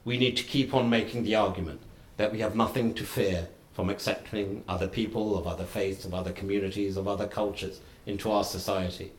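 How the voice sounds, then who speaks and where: A middle-aged man giving a formal lecture, speaking in measured, deliberate short phrases with wry humour. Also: fairly low pitch, fairly even intonation. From United Kingdom. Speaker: guest lecturer. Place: lecture hall. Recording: roomy lecture hall.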